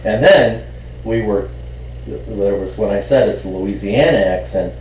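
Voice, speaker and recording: A man co-hosting a podcast, telling a story in casual chat with halting restarts that pick up when he's amused. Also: lowish voice, a little mellow, roomy sound, distant mic, dull audio, slight background noise. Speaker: podcast co-host.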